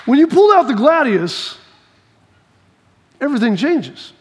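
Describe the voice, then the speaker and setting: Speaking a little slowly over slight background noise, a male preacher with an unusually high voice acts out scenes from his own life in a sermon. He repeats key phrases for emphasis, and a long hall reverb lingers after each line.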